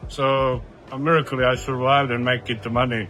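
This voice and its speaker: Bright-voiced man, halting speech. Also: medium pitch, little pitch movement, a little hiss or hum. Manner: halting, searching for words. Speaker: poker player recounting a hand. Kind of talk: casual anecdote.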